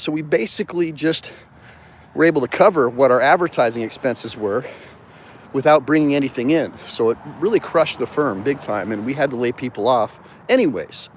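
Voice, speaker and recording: Chatty man livestreaming while walking outdoors. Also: mid-range voice. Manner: conversational, digressive, thanks viewers for donations. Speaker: attorney and livestream host. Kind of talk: rambling livestream talk.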